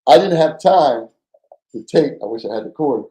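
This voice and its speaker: Guy from jersey telling a story on a podcast, mellow voice, stumbles over his words, echoey room. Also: medium pitch, normal speed. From New Jersey. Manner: animated storyteller, acts out quoted voices, stammers and repeats words. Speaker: podcast guest, former undercover FBI agent. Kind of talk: casual storytelling.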